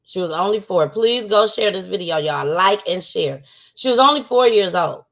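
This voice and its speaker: A woman's voice: medium pitch, expressive, normal speed, creaky, fairly bright tone. Outspoken woman hosting a livestream. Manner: outspoken, emphatic, repeats herself for emphasis. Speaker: livestream talk show host. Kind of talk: casual commentary livestream.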